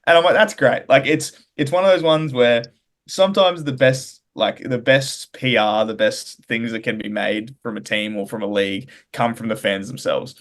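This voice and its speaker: A man co-hosts a football podcast with giggly, teasing banter and laughs often. His voice sits at an ordinary middle pitch. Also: fairly even intonation, moderate pace, a bit bright. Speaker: podcast co-host. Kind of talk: casual sports podcast banter.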